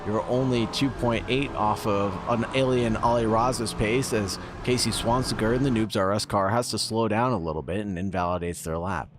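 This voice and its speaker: A man calling live sim racing play-by-play, steady and a little teasing, reading out chat. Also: fairly low pitch, moderate pace, few pauses, background noise.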